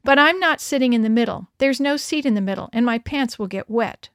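A woman's voice: on the high side, fairly quick, no room sound, clean studio sound, natural voice. A woman voicing a haughty, snobby teenage girl at summer camp in a storybook reading. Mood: snooty. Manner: prissy, scornful.

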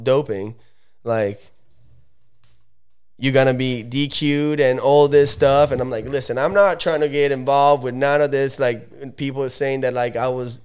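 A man's voice: medium pitch, a little mellow, clear, resonant tone. A young Italian-born man, a podcast guest, telling a long story in a loose, slangy way with many fillers and restarts. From Italy. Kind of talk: casual storytelling.

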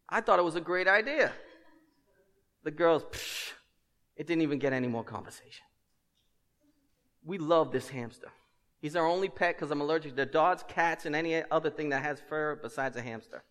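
A man preaching a sermon as pastor, a lively storyteller who drops in humorous asides and swings between loud and hushed. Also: fairly high pitch, fairly quick, long reverb tail.

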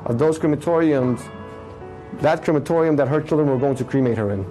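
A man telling an inspirational religious story with emphatic delivery, slowing to draw out key phrases. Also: a little high, dark tone, faint music behind, rough recording.

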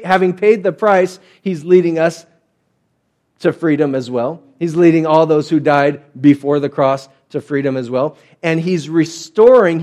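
A man's voice: a little high, darkish tone. A man preaching a sermon as a pastor, telling the story in a chatty way and acting out the quotes.

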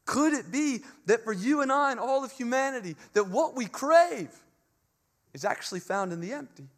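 Male preacher, high-pitched, impassioned sermon delivery with repeated emphatic phrases. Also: expressive, normal speed. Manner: earnest and impassioned, with emphatic repetition; swings between soft, hushed phrases and loud climaxes. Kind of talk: Easter sermon.

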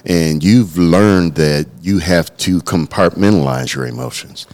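A man's voice: low-pitched, a little slow, a little mellow. A middle-aged man, a pastor co-hosting a podcast, talking earnestly and telling a personal story, often restarting his words. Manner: earnest, storytelling, repeats words when starting. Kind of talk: casual podcast conversation.

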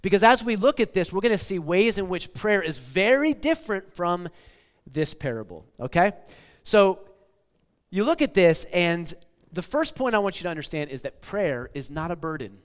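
Speaking at normal speed in a high, sing-song voice, a forties-aged pastor preaches casually and conversationally. "Okay?" and "like" come up again and again, and a long hall reverb colors the sound.

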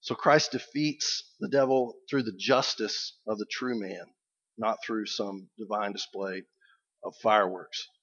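A man's voice: fairly low pitch, fairly even intonation, measured pace, fairly bright tone, breathy edge. A man preaching a sermon as pastor, reflective and conversational. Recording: dull lo-fi recording.

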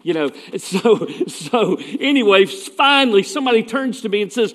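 A man's voice: high-pitched, lively intonation, normal speed, hardly any pauses, a bit bright, big-room sound. A man preaching a sermon as pastor, telling stories in a folksy way with asides.

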